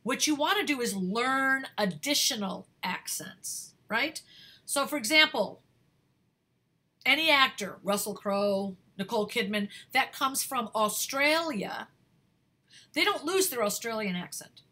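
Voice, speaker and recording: A woman talent manager giving career advice to actors, energetic and emphatic, repeating words for stress and searching for words with fillers. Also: a little high, a little slow. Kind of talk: advice talk to camera.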